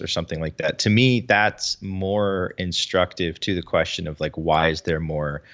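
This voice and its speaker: Low-voiced man explaining thoughtfully. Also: fairly even intonation, moderate pace, hardly any pauses, a bit bright, highs cut off. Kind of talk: casual podcast chat.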